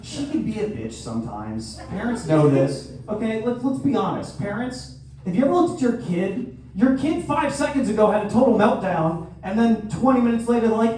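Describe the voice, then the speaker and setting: A man in his thirties doing a crude stand-up comedy set with sudden loud outbursts. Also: high-pitched, very animated, normal speed. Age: 30s. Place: live venue hall. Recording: echoey hall from far off, faint noise.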